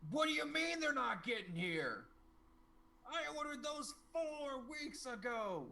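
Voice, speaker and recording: Give me a man playing a shouting sourpuss in a tabletop game, high and livid. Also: expressive, slow, creaky, a little hiss or hum, full character voice. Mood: furious. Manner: shouting, ranting. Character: furious grumpy man, a sourpuss.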